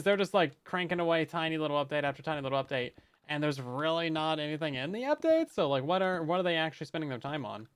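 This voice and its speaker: A man with a somewhat high, clear, smooth voice talks loosely through a live game stream. He jokes along with viewers and often doubles words as he restarts a thought. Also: a bit bright. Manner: chatty, joking, often repeats words as he restarts. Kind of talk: casual live-stream chat while gaming.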